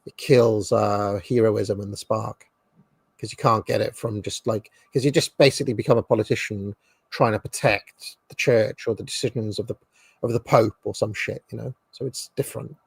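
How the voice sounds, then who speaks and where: A man hosting a casual livestream chat, his voice gravelly with a husky edge. He rambles and restarts his sentences as he thinks aloud. The sound is dry and close. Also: fairly low pitch, steady tone, no echo. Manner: rambling, halting, many restarts. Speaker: podcast host.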